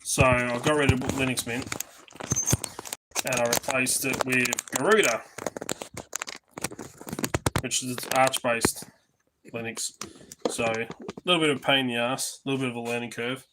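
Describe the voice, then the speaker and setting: A man's voice: mid-range voice, little pitch movement, a little slow, long pauses, background noise. A man hosting a casual live stream, rambling along with lots of ums and restarts, laid-back and swearing offhandedly.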